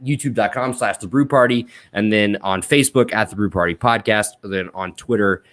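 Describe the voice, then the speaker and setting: A man's voice: fairly low pitch, fairly quick, fairly bright tone. Laid-back joking podcast host, a man. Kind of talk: casual podcast chat.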